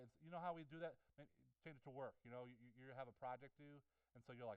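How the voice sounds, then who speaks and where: A man's voice: medium pitch, quick pace, few pauses, clean tone, no room sound, distant mic, lo-fi sound. A male pastor preaching a sermon with passion, often repeating words and asking the congregation rhetorical questions. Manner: impassioned, with many restarts and rhetorical questions.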